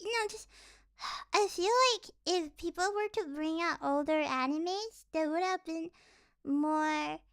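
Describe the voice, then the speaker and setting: A woman's voice: high-pitched, slow. A young woman streamer chatting casually, rambling with lots of "like" and restarts, playful and mocking. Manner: rambling, heavy use of "like", many restarts.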